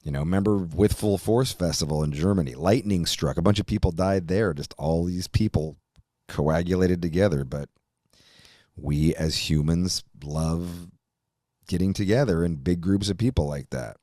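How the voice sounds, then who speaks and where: A middle-aged man hosting a podcast, rambling through a profane, animated monologue. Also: low-pitched, normal speed, no echo, clean studio sound. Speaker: podcast host. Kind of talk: casual chat.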